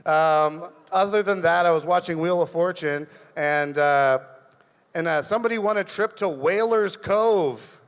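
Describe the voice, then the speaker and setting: A man with a high voice doing a stand-up set, rambling from one story to the next with animated bursts. His voice rings out with a long hall reverb. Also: unhurried. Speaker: stand-up comedian. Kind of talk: stand-up comedy monologue.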